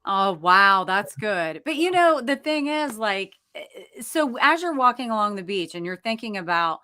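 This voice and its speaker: A woman's voice: mid-range voice, very animated, moderate pace, sharp tone, smooth. A woman hosting a podcast, listening closely and asking her guest follow-up questions. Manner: engaged, asks follow-up questions. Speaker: podcast host. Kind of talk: interviewing a guest.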